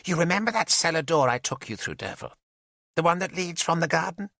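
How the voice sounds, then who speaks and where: An odd, plump woman with a giggly, singsong lilt, as a male narrator puts her on. Her voice is raised high and bright, swinging up and down as she chatters, recorded dry and close. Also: expressive, brisk, creaky, no room sound, full character voice. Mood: conspiratorial. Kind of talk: audiobook character voice.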